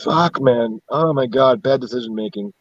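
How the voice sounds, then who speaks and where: A husky-voiced man from central upstate New York chats on a live stream, rambling through stories full of swearing and laughing at himself. His voice sits in a middle pitch. The sound is dry and a little dull, like a lo-fi stream mic. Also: moderate pace, dry recording. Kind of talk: casual chat.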